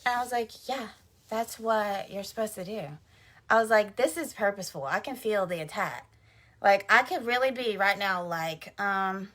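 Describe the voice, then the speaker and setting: A mother vlogs at home indoors, chatting casually to camera in a medium-pitched, fairly bright voice at normal speed. She laughs a lot and says "like" constantly.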